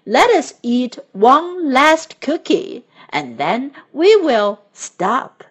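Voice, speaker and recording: A woman voicing an excitable male toad who cannot stop eating cookies, in a children's storybook reading. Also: high voice, very slow, husky, full character voice. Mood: eager.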